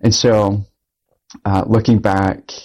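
Young guy who's a priest, telling his story kinda loose, lots of likes and ums, voice sits a bit low. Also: flat delivery, slow, a little mellow, poor audio. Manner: earnest and reflective, loose with filler words. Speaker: Catholic priest. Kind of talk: conversational storytelling in an interview.

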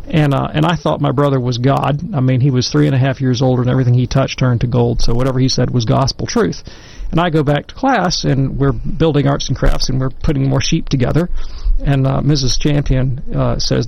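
A man's voice: mid-range voice, fairly quick, creaky, darkish tone. A man on a discussion show, telling a self-deprecating anecdote in a conversational way and then moving into commentary. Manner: storytelling, self-deprecating, acts out quoted voices. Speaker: panelist on a Catholic discussion show. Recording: dull, muffled, dry recording.

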